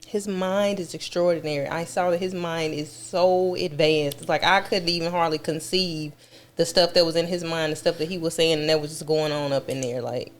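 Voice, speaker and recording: Woman, lower voice, effusive, casual talk, repeats words. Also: fairly even intonation, moderate pace. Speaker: guest describing her experience. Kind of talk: casual conversation.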